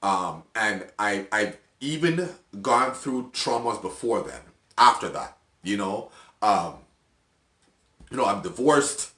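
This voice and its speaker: Deep-voiced man giving earnest testimony. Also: animated, echoey room. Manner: earnest, halting, emotional, with restarts and soft laughs. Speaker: video host. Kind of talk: personal testimony.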